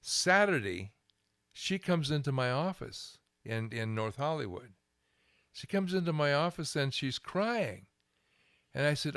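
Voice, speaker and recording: An older man, a guest minister, telling a lively anecdote in an interview, chuckling and restarting his phrases. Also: a little high, unhurried, no room sound, studio quality. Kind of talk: storytelling interview.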